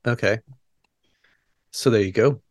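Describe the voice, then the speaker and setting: A man's voice: lowish voice, a little slow, dry recording. A man co-hosting a podcast, casually retelling movie scenes step by step and laughing often. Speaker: podcast co-host. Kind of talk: casual movie recap chat.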